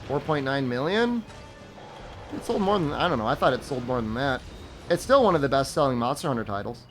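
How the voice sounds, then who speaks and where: This young man's mid-range voice is expressive and a little fast, with soft music in the background. He's casually chatting with viewers during a game stream, rambling, being sarcastic, and laughing at his own jokes.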